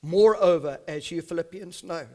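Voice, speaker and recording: Man preaching in church, fifties, high voice, slow emphatic scripture reading. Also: dark tone. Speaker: pastor. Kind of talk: sermon. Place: church service.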